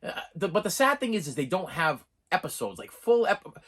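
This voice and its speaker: A man with a Boston accent rambling excitedly through a casual unboxing vlog and talking straight to his viewers. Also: high-pitched, brisk, slightly rough. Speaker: physical media collector unboxing.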